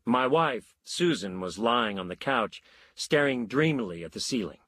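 Husky male storyteller, lively inflection. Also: mid-range voice, dry recording. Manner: wry, measured storytelling. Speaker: narrator. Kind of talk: audiobook narration of a short story.

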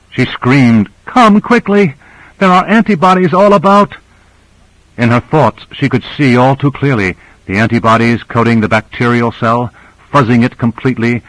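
Man, audiobook narrator, steady expressive reading, medium pitch, dry close recording. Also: dry recording, low-quality recording.

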